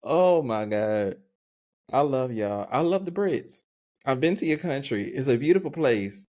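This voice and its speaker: A young man co-hosts a casual podcast, and his voice swings widely in pitch as he talks. He laughs often and drops loose slang. His delivery is easygoing and animated. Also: measured pace. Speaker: podcast co-host.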